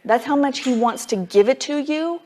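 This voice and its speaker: A woman's voice: high voice, normal speed, a little mellow. Woman teaching a casual, emphatic sermon. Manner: casual and emphatic, with frequent "like" fillers. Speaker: Bible teacher.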